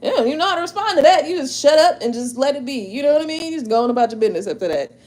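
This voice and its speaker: A woman, hosting a casual chat to her viewers, animated, exclaiming and laughing as she talks. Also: high-pitched, racing. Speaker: tarot channel host.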